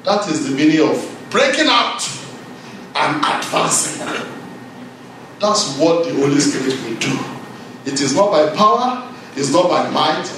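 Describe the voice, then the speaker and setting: Male preacher, unhurried and emphatic, slightly high voice, caught from a distance in a big echoing hall. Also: big pitch swings, fairly bright tone, a little hiss or hum. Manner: slow, emphatic, rises for emphasis. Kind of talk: sermon. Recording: echoey hall from far off.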